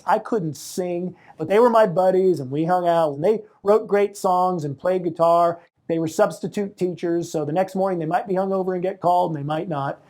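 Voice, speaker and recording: A man in his fifties, interviewed as an art magazine publisher, reminiscing in a casual, animated and profane way and slipping into other people's voices. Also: on the high side.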